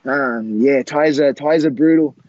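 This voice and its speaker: A man in his forties, a former fighter, telling old fight stories in a rambling, halting way, full of fillers and restarts. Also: mid-range voice, darkish tone, lo-fi sound. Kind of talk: casual storytelling.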